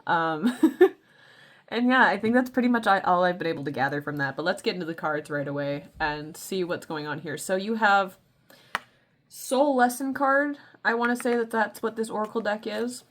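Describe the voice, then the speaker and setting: Woman, tarot reader, casual spiritual chat, playful, talkative, middle-pitched voice. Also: normal speed, a bit bright. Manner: playful, chatty, calls listeners baby.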